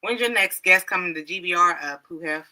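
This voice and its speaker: A woman's voice: fairly low pitch, brisk, pushed and bright, rough recording. A woman hosting a livestream in casual chat, frank and laughing often. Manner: laughs a lot, frank and joking. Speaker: livestream host.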